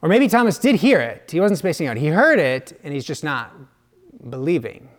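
A man preaching a sermon in a slow, reflective way, dropping now and then to hushed asides. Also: a little high, very animated.

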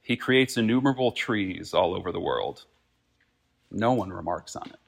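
A man preaching a sermon as pastor, earnest and reflective, swinging from emphatic peaks to quiet asides. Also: low-pitched, expressive, normal speed, gravelly, breathy edge. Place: church.

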